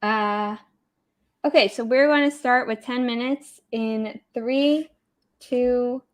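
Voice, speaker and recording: A woman's voice: on the high side, slow. A young woman hosting a casual livestream writing session, chatting and answering viewer comments. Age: young adult. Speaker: livestream host, author.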